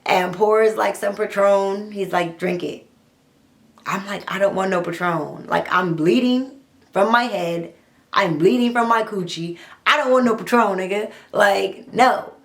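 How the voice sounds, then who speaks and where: A young adult woman, telling her own story in a blunt, profane, animated storytime monologue. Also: mid-range voice, unhurried. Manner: blunt, profane, animated retelling with quoted dialogue.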